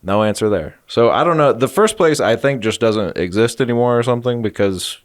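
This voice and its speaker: A man's voice: mid-range voice, expressive, a little fast, dry recording. A man in his thirties rambles through a comic story on a podcast. He keeps breaking into jokey asides as he talks. His voice sits in a middle register and is recorded close and dry. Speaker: podcast co-host. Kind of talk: casual comedic chat.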